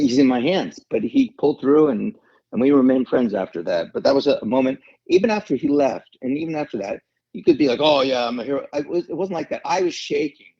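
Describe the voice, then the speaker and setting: A middle-aged man, an actor, telling an emotional story in an interview, earnest and halting, with many restarts. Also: medium pitch, mellow, breathy edge, dry recording. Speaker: actor guest. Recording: dull lo-fi sound.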